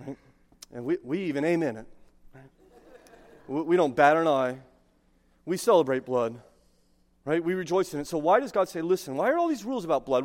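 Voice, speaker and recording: A man in his thirties delivers a sermon with a somewhat high voice. He talks conversationally, stumbles and restarts, and keeps tossing in "right?" to the listeners. His voice rings with the long reverb of a church sanctuary. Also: animated, fairly quick. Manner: conversational, frequent 'right?' asides, restarts. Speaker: pastor.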